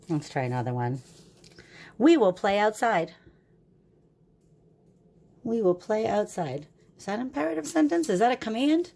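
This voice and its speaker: A woman's voice: fairly low pitch, a little mellow. A woman teacher giving a recorded grammar lesson to young children, upbeat and patient, with a sing-song voice that keeps checking in with "right?".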